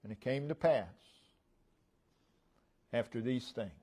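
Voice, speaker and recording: Slow, deliberate preaching man. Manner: slow, deliberate preaching, dropping low and soft at phrase ends, rising for emphasis. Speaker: pastor. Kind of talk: sermon. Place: church sanctuary.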